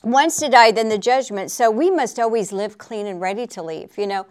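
Woman, high voice, chatty preacher, laughs often, asks for amens. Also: normal speed, clean tone. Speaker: faith talk show speaker. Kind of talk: conversational preaching.

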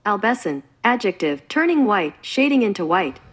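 A woman voicing a calm, polite voice assistant that reads out word definitions. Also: mid-range voice, normal speed. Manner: flat read-out definitions.

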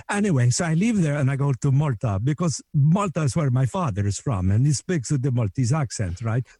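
Mellow-voiced man telling a comic story. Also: on the high side, husky, dry recording. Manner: rapid playful accent-hopping. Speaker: guest. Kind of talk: comedic storytelling.

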